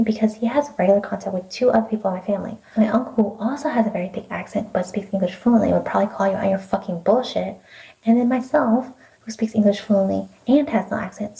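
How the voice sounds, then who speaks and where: Young woman, rapid-fire, mellow tone, sarcastic, profane, vlog rant. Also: mid-range voice, gravelly, poor audio. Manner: drops into whispered asides. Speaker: vlogger. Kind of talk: ranting storytime.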